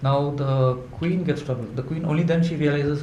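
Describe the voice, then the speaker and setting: Halting man telling folk tales. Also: fairly high pitch, fairly even intonation, dark tone. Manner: halting, with many fillers and restarts. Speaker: storyteller. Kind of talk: live folklore storytelling. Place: event hall indoors. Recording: echoey room with faint hum.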